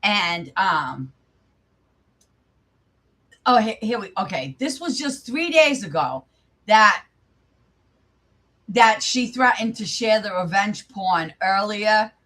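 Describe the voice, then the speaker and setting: A woman's voice: medium pitch, animated, slow pace, long pauses, fairly bright tone. A young woman hosting her channel, casually commenting live in an angry, profane, rambling way. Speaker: channel host.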